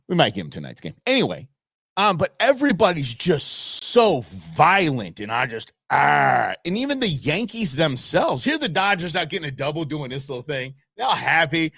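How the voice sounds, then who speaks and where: Man, middle-aged, from the Los Angeles area, live show host, opinionated rant, lively pitch swings. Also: moderate pace, no room sound, clean studio sound. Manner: opinionated, ranting, talks back to chat. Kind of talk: casual live-stream chat.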